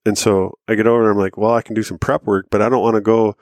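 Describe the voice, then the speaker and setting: Quick-paced and flat, with a fairly low, darkish voice, a thirty-something podcast co-host rambles through a profane hunting-and-fishing anecdote, laughing at points. It's a dry, studio-quality recording.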